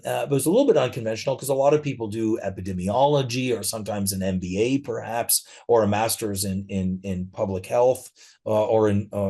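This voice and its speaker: A middle-aged man speaking as a guest in a conversational interview, telling stories in a relaxed way with frequent fillers. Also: fairly low pitch, slightly rough.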